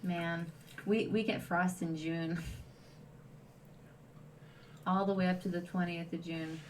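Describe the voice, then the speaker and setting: A woman's voice: on the low side, fairly even intonation, takes it slowly, a little mellow. Quebecois woman chatting, a bit distant. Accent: Quebecois French. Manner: chatty, laughs easily, reads out viewer comments. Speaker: co-host guest. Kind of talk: casual livestream chat. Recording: distant mic with faint background noise.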